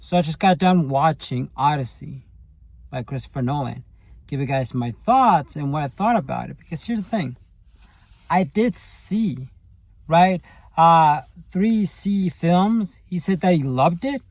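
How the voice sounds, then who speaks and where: A man's voice: a little high, expressive, a little slow, a little mellow, poor audio. A man giving a casual spoken movie review, rambling and full of fillers and tag questions.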